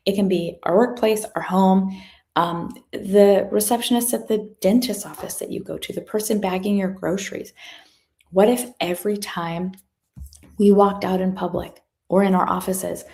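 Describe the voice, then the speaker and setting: A woman giving a motivational talk as a guest speaker, telling a story from her work in an animated way and acting out the people in it. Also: lowish voice, creaky. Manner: animated, acts out quoted voices.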